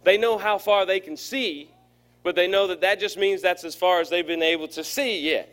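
Man, pastor, sermon, folksy, joking, fairly high voice. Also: moderate pace, a bit bright. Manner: folksy and humorous, acts out voices in stories.

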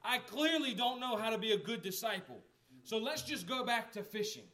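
A high-voiced man preaches in a relaxed, conversational way. He asks the listeners questions and acts out the lines of the people in the story. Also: moderate pace. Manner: conversational preaching with rhetorical questions, acting out quotes. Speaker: pastor. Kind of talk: sermon.

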